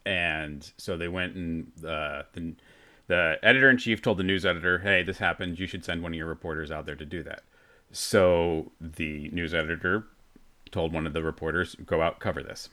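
Young guy on a podcast, lowish voice, rambles and corrects himself a lot. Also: normal speed, bright, forceful tone. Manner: rambling, self-correcting, laughing. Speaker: podcast co-host. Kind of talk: casual storytelling chat.

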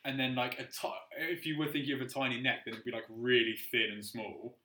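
A young man co-hosting a podcast, chatting casually, arguing his points with animated swearing. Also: mid-range voice, a little fast, roomy sound, a little hiss or hum. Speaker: podcast co-host. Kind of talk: casual chat.

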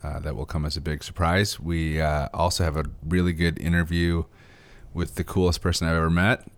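Deep-voiced deadpan podcast host man. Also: fairly quick. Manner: deadpan sarcastic joking. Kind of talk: casual podcast chat.

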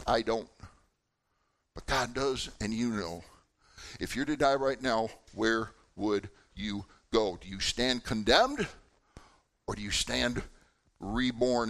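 A man, a pastor, preaching a sermon with lively swings in pitch and loudness and putting questions to his congregation.

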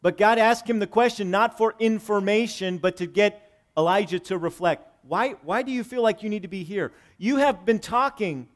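A male pastor preaching a sermon, swinging between loud emphatic lines and hushed low ones, reading scripture and explaining it conversationally. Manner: reads scripture aloud and paraphrases it conversationally.

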